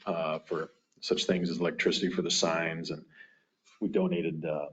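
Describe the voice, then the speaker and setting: A man's voice: low-pitched, little pitch movement, normal speed, fairly bright tone. A man on a town development board, plainly walking the others through the monthly finances with a dry sarcastic streak. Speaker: EDA board member giving financial report. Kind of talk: casual meeting talk. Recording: dull lo-fi meeting recording.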